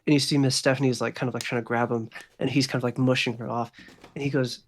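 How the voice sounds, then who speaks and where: A man's voice: medium pitch, level tone, fast. Man as game master, rambling casual narration. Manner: casual, loose narration full of fillers. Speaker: dungeon master.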